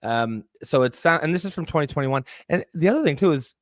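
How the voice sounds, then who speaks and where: A man's voice: fairly high pitch, expressive, fast talker, dry recording, studio quality. A man co-hosting a political podcast, easygoing in casual chat, laughing along and swearing now and then. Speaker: podcast co-host.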